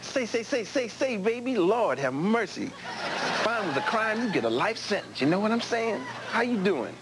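A man's voice: high-pitched, sing-song, moderate pace. A man teasing in flirty, jiving banter. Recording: noisy tape with a crowd behind.

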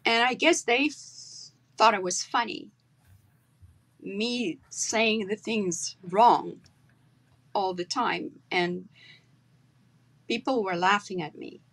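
A woman from South Africa, an actress chatting as a guest on a video call, telling stories with animated delivery. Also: mid-range voice, takes it slowly, pauses often, poor audio. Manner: animated storyteller, acts out her own accent. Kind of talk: casual interview chat.

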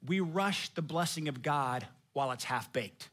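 A male pastor delivers a sermon with lively, conversational energy, dropping slang and jokes as he goes. His voice sits on the higher side for a man, and he speeds up when he gets excited. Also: moderate pace.

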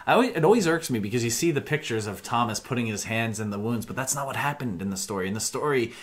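A man who is a pastor and the host, listening with short affirmations and getting animated when he retells a story. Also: mid-range voice, fast talker, few pauses. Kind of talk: casual conversation.

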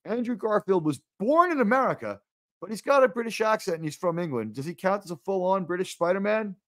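Animated swearing male podcast host. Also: brisk, dry recording. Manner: animated, swears often, jumps to high exasperated pitch. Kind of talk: casual podcast chat.

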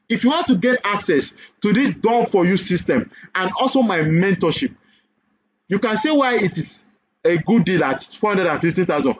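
A man with a Nigerian accent giving a sales webinar pitch for an online business course, persuasive and full of repeated questions and "okay?" checks. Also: husky, lo-fi sound.

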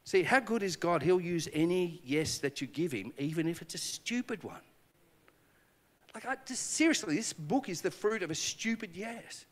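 A pastor with a high-pitched voice speaks at a moderate pace in a conference hall, where a long reverb trails each phrase. His sermon is animated storytelling, with acted dialogue and jokes at his own expense.

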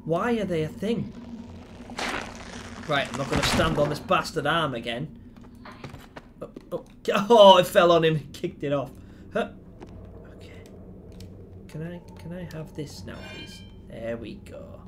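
A man commenting on a horror game as he plays it, excitable and swearing a lot. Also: a little high, measured pace, long pauses, a little hiss or hum. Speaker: gaming YouTuber. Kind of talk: let's play commentary.

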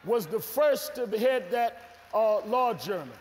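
A reverend giving a fiery, indignant political speech, shouting his points with emphasis. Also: very high voice, very animated, a little slow. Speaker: reverend, panel speaker. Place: large auditorium. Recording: echoey hall, faint crowd and noise.

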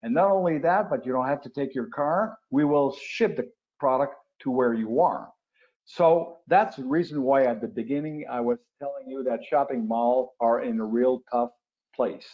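A man's voice: medium pitch, moderate pace. Older man explaining, lo-fi call audio. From Quebec, Canada. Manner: explanatory, with frequent restarts and uh fillers. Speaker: guest expert on retail. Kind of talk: webinar interview answers. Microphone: video call. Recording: lo-fi webinar audio.

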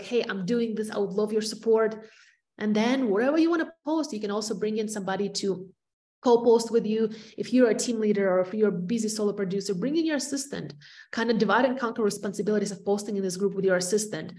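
Emphatic accented woman teaching agents. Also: medium pitch. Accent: non-native English accent. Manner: energetic and emphatic, repeats words for stress. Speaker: real estate agent presenting to peers. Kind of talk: training talk on a video call.

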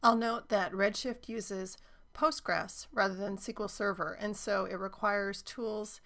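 A woman's voice: medium pitch, steady tone, unhurried, a bit bright. A woman teaching cloud databases in a chatty, enthusiastic screen-recorded walkthrough, with frequent ums.

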